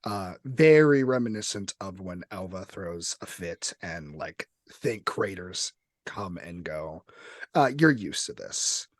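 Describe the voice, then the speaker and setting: A man narrating a tabletop role-playing game as game master, describing scenes with lively fillers. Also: sits low, slow pace, no room sound, clean studio sound.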